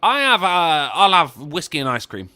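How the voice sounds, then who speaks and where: A man riffing on a livestream with profane, sardonic humour. His voice is bright and sharp, and it swings up and down a lot as he talks. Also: on the high side, sing-song, normal speed, clear, resonant tone. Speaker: stream co-host. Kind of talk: casual chat.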